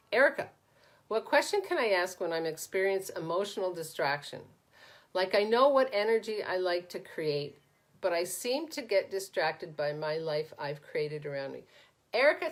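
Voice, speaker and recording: Chatty woman coach answering viewer questions. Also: mid-range voice. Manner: conversational, frequently adds "right?"; reads viewer comments aloud and answers them. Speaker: coach and podcast host. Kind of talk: live Q&A coaching session.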